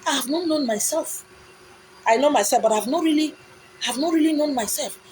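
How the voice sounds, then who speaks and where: A Nigerian woman tells a story on a live stream in a dramatic, repetitive way and turns blunt when scolding. Her voice sits fairly high. A faint noise runs underneath. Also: a little fast, darkish tone, poor audio.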